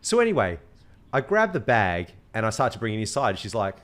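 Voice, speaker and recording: A man's voice: fairly low pitch, huge pitch swings, fairly quick, a bit bright. A man hosting a podcast, telling a story in casual chat, swearing and mimicking voices. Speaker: podcast host.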